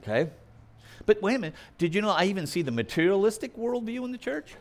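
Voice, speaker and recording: Male preacher with a high, animated voice; punchy and argumentative, drops to quiet asides. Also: fast talker. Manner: emphatic, argumentative, mimics opponents' objections; swings between loud punchy lines and quiet asides. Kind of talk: sermon.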